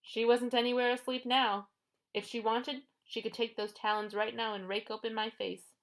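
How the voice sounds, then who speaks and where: A woman reading a first-person adventure audiobook in a steady storytelling voice. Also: fairly high pitch, moderate pace. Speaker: audiobook narrator.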